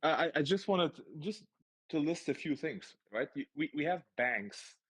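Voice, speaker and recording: A man's voice: a little high, animated, normal speed, a bit bright, breathy edge. A man co-hosting a market analysis livestream, speaking hesitantly with stuttered restarts and frequent tag questions. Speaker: market analyst stream co-host. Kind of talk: casual livestream chat.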